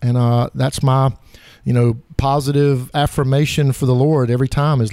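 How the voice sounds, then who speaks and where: A middle-aged man with a Southern drawl talks as a guest in a casual interview, folksy and self-deprecating. His voice is mellow and dark in tone. The recording is dry and close. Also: medium pitch, little pitch movement, moderate pace, dry recording. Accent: Southern American. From South Carolina. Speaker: guest author.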